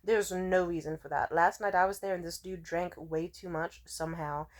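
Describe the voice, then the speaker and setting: A woman's voice: lowish voice, fairly even intonation, moderate pace. A young adult woman vlogger in a casual monologue, rambling and profane as she tells stories with animation.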